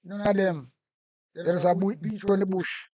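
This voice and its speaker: A man's voice: high-pitched, steady tone, normal speed, crowd noise. A man with a Jamaican accent giving heated, repetitive political commentary in casual patois-laced talk.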